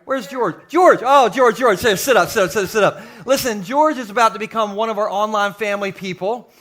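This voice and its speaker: Animated high-voiced pastor preaching live. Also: male voice, fairly quick. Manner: jokey, animated, talks to the congregation. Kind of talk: sermon. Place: church sanctuary with live audience.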